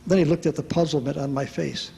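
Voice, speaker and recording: A man telling a personal story to an audience at a retreat, lively and self-mocking, acting out the voices of the people in it. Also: fairly high pitch, fast, creaky. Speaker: speaker at a retreat. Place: large hall at a retreat. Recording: reverberant hall with faint background noise.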